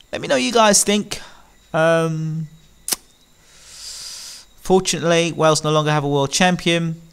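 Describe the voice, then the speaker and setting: Male commentator, slightly high pitch, opinionated and animated delivery. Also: creaky. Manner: animated, rhetorical questions, frequent ums. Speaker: boxing commentator.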